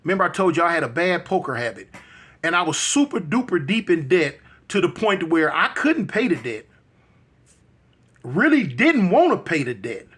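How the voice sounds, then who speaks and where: A man's voice: fairly high pitch, very animated, moderate pace, fairly bright tone, husky. A man telling a personal story in a casual, slangy, conversational way, often checking in with the listener. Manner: slangy, conversational, frequent "you know what I'm saying".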